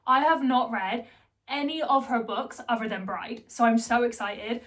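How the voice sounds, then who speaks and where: A woman's voice: a little high, normal speed, a bit bright. A young woman, chatting to camera as a book vlogger in a chatty, giggly way. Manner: chatty and giggly, with many fillers. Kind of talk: casual chat to camera.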